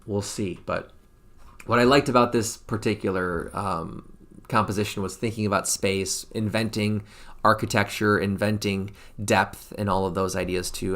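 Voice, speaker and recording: A man with a low, gravelly voice talks through his paintings on a relaxed live stream. He muses aloud, often pausing on fillers and restarting sentences as he goes. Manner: rambling, thinks aloud with many fillers and restarts. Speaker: painter presenting his studio work. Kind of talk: casual live-stream presentation.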